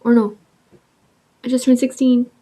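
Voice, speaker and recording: A woman in her twenties telling a story in a chatty, animated way, filling her talk with "like" and swearing. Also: a little high, unhurried, low-quality recording. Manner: chatty, heavy use of "like", swearing, animated retelling. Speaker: vlogger. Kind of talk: casual storytime with soft ASMR eating.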